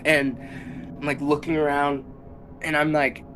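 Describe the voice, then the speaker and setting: A man's voice: on the high side, flat delivery, measured pace, a bit bright, slight background noise. A young man telling a personal story as a podcast guest, rambling and filling his speech with "like". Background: background music.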